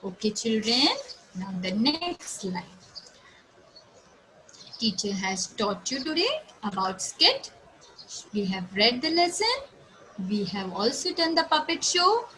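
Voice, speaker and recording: An Indian woman teaching young children an English lesson, explaining slowly in a sing-song manner and imitating animal sounds. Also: a little high, sing-song, pushed and bright, a little hiss or hum, low-quality recording. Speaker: schoolteacher.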